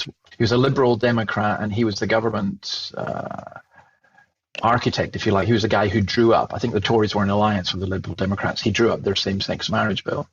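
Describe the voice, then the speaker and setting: A man with a Scottish accent, a guest telling a lively story and acting out the dialogue he remembers. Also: lowish voice, slightly rough, highs cut off. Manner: animated, acts out remembered dialogue. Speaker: Christian speaker and guest. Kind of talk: storytelling in conversation.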